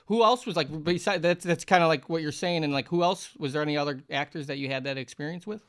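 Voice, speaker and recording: A man's voice: a little high, quick pace, fairly bright tone, clean tone. A man hosting a podcast, chatting casually in a rambling, laid-back way. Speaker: podcast host. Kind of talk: casual chat.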